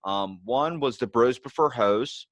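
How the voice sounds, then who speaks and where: A man in casual chat, telling stories and acting out the lines of others with sudden loud jumps. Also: mid-range voice, unhurried, no echo. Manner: animated storyteller, acts out quotes loudly.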